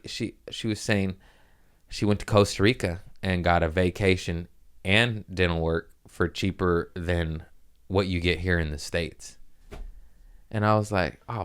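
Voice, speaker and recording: In a casual storytelling monologue, a young male podcast host rambles through a profane story, laughing at his own jokes. His voice is low-pitched with a clean tone.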